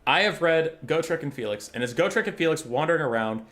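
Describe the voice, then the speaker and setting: A young man streaming a game, chatting in a lively, gushing way and swearing freely. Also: a little high, fast. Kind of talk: casual chat while streaming a game.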